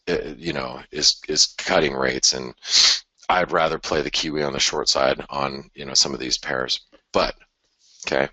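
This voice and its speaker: A man's voice: extremely low pitch, bright, forceful tone, husky, no echo. A man hosting a live forex chart analysis, thinking aloud in a conversational way with sighs and restarts. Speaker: forex market analyst host.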